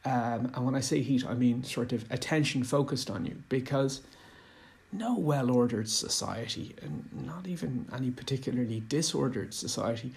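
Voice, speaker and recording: A man's voice: mid-range voice, moderate pace, gravelly, darkish tone. A man giving a rambling casual monologue on running tabletop games, hesitant with many fillers and restarts. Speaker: tabletop game commentator.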